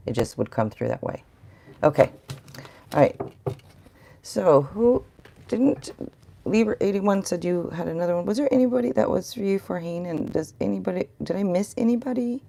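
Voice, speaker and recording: A woman's voice: on the low side, animated, normal speed, vocal fry, mellow, a little hiss or hum. A middle-aged woman giving a rambling, chatty live tarot reading and talking to viewers in the chat. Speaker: tarot reader.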